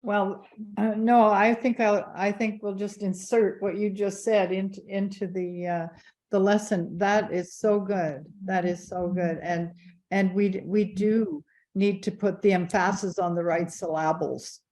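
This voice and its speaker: A woman's voice: mid-range voice, fairly even intonation, a little slow, a little mellow. A woman hosting and teaching an online group lesson, repeating herself and often restarting sentences. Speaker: teacher and host.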